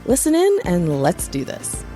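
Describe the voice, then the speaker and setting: Lively, chatty woman podcast host. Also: lowish voice, unhurried, loud music behind the voice. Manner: chatty, laughs at her own asides. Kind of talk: solo podcast teaching episode.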